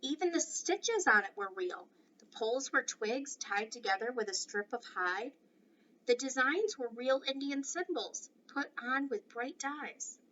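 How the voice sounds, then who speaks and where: A woman reading a children's novel aloud in an expressive, varied way. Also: on the high side. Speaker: reader. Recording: distant dull mic with faint noise.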